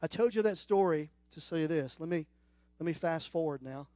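A middle-aged man preaching with a high, bright-pitched voice, close and dry on the mic with little room sound. He tells his stories with growing energy and pushes up into loud, excited peaks. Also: moderate pace, no room sound. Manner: storytelling, rising to loud animated peaks. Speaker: guest preacher. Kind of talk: sermon.

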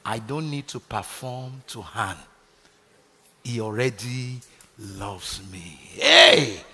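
A man's voice: mid-range voice, slow, fairly bright tone, long reverb tail, slight background noise. A Nigerian man preaching a sermon, calling out to his congregation for responses. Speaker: pastor. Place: large church hall.

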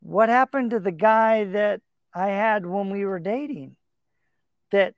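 Earnest high-voiced man giving advice. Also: a little slow, smooth, no echo, clean studio sound. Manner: earnest storytelling, acts out quoted dialogue. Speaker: podcast host. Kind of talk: relationship advice talk.

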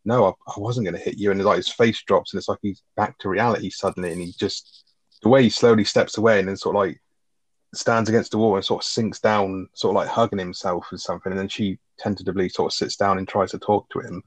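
A man, co-hosting a podcast and retelling film scenes in a sweary, animated way. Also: low voice, fast talker, dry recording. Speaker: podcast co-host. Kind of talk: casual film review chat.

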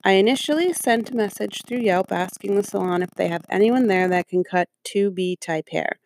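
A woman's voice: mid-range voice, normal speed, darkish tone, slight background noise. A woman reading a customer review aloud and breaking off into sarcastic, profane rants about it. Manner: sarcastic, profane, exasperated asides. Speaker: commentator reacting to a review. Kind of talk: reading aloud and ranting commentary.

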